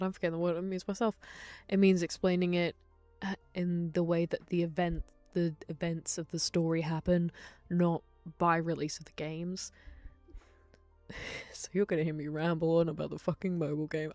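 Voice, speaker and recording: A young woman streamer talks in a loose, rambling way, cutting her sentences short and laughing often. Her voice sits a little low, recorded very dry and up close, with faint music playing behind. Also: mellow, no echo. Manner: chatty, laughs often, trails off mid-sentence. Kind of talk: casual rambling chat on a stream.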